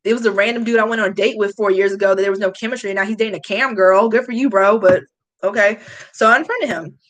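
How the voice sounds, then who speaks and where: A young woman hosting a long livestream, chatting casually and answering viewer comments with candid, animated reactions. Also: quick pace, poor audio. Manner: chatty and candid, swings up high when greeting viewers. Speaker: beauty vlogger hosting a livestream.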